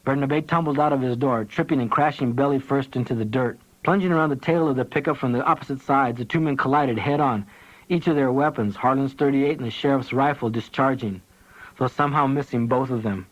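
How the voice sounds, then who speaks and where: A man reading an audiobook, telling the story with lively, dramatic energy. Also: medium pitch, a little fast. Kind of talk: audiobook narration. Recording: dull lo-fi tape audio.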